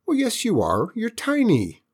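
A woman's voice: mid-range voice, huge pitch swings, unhurried, darkish tone, breathy edge, voice pushed up, exaggerated voice. Woman doing a dry, unimpressed young boy. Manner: dry, matter-of-fact. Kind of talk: storybook character voice.

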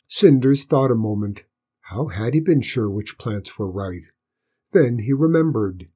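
A man gently reading a children's storybook aloud as narrator, slow and unhurried. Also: mid-range voice, animated, slightly rough.

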